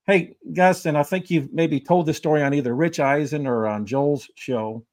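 Male co-host, slightly high voice, chatty and laughing. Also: moderate pace, no room sound. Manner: chatty, laughs often, warm rambling questions. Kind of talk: casual interview chat.

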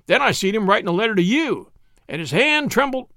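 A man's voice: high voice, very animated, brisk, sharp tone, dry recording, exaggerated voice. A sly old cobbler from a storybook with a lazy, drawling country dialect, as a male reader puts him on. The voice lifts and dips freely and is heard up close and dry.

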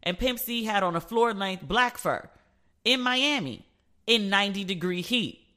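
A woman's voice: medium pitch, unhurried. A woman hosting a casual chat show, sassy and playful, telling stories and acting out the people she quotes. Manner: animated storyteller who acts out quoted people. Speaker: podcast host. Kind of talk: casual chat, gossip commentary.

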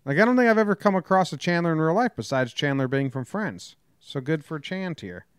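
A man's voice: fairly high pitch, sing-song, brisk, clear, resonant tone, dry recording, studio quality. Grumpy blunt man hosting a podcast. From New Jersey. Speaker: podcast host. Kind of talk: casual sports chat.

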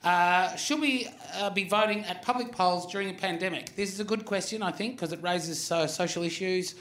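A man hosting a live comedy show, animated and full of swearing. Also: high voice, normal speed, reverberant, slight background noise. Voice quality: profane, animated. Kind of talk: live comedy panel banter. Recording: audience laughter throughout. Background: live audience laughter.

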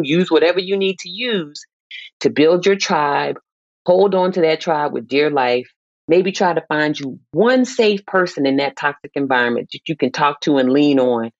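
A woman's voice: fairly low pitch, dry recording. Middle-aged woman guest, passionate n emphatic, muffled dry mic sound. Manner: passionate, emphatic, preacherly rises. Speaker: guest psychologist. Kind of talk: heartfelt podcast conversation.

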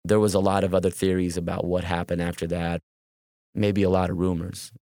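A man's voice: low voice, little pitch movement, fairly quick, mellow, no echo, studio quality. A man telling a tense first-person true story, often stumbling and repeating words.

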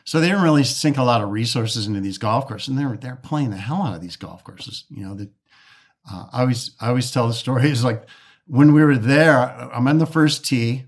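A man's voice: mid-range voice, moderate pace. A man from the Detroit area, a golf course architect, telling stories in a casual interview, often restarting and acting out quoted dialogue.

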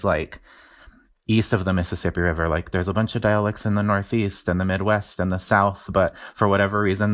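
A man from New Mexico, a linguistics professor, explaining his research in a relaxed interview with frequent fillers. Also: low-pitched.

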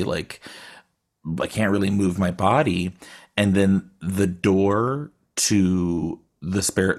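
A man telling a story casually over a video call, rambling with lots of filler words. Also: low voice. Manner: rambling, filler-heavy, frequent "like". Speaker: guest storyteller.

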